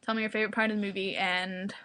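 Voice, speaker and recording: Excitable rambling young woman vlogger. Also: medium pitch, racing, clear, resonant tone. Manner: excitable, rambling, heavy use of "like". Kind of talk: casual vlog chat.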